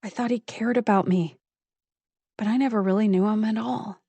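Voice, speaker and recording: A woman reading a first-person psychological thriller audiobook in a measured, intimate storytelling manner on a close studio mic. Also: mid-range voice, steady tone, mellow, no echo. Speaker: audiobook narrator.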